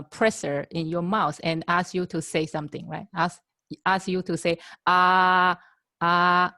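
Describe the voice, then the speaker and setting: Slow, hesitant woman teacher, Chinese native. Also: on the low side, no room sound, studio quality. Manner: hesitant, many fillers and restarts, explains with everyday examples. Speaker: language teacher. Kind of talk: casual classroom explanation. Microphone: video call.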